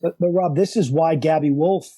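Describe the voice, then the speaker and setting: Male coach guest, middle-aged, emphatic and animated, high pitch with a warm, dark tone. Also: moderate pace. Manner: animated, emphatic, repeats key words. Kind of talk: enthusiastic explanatory conversation.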